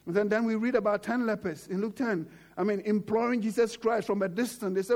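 High-pitched guy preaching, fervent, keeps repeating stuff for emphasis. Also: steady tone, brisk, darkish tone. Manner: fervent, repetitive, exhorting. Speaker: pastor. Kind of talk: sermon.

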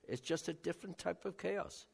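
An older man from West Wales with a West Welsh accent, a Christian minister telling rambling, animated stories of his week in a casual talk. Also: high voice, normal speed, gravelly, slightly rough. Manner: rambling, animated storytelling with many restarts.

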